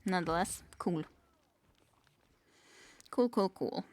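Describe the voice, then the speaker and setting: A woman's voice: on the low side, slow, darkish tone, a little hiss or hum. A woman streaming a game, musing aloud, reading the game text and chuckling often in casual commentary. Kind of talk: casual let's-play commentary.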